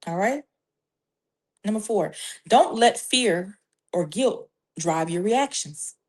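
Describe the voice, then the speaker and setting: Woman christian life coach talking real slow and deliberate, middle pitch, walks through steps w scripture. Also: lively intonation. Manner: measured, emphatic, lists steps with scripture. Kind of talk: faith-based parenting advice talk.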